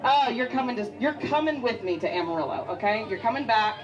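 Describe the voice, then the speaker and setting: A woman with a slightly high, lively voice hosts an eating contest at a bustling restaurant event, joking bubbly-style with contestants through a handheld mic. She speaks a little fast, the recording's highs are cut off, and crowd noise is audible.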